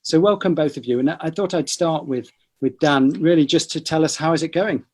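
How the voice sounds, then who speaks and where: A middle-aged man, a neurology professor, hosting a relaxed podcast chat and introducing guests with light teasing asides. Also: a little high, moderate pace, husky. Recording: online broadcast discussion.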